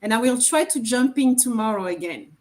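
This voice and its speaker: A woman's voice: fairly high pitch, expressive, fairly quick, darkish tone. A woman who speaks English as a second language, sharing her thoughts earnestly on a video call, often repeating words as she goes. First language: not English. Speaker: summit participant, parent. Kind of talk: casual online panel chat.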